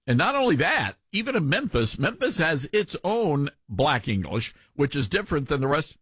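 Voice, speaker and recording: Lively mild-Southern radio host man. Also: fairly high pitch, normal speed, slightly rough, no room sound, clean studio sound. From Tennessee. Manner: lively, folksy, opinionated. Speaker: radio talk show host. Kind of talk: talk radio commentary.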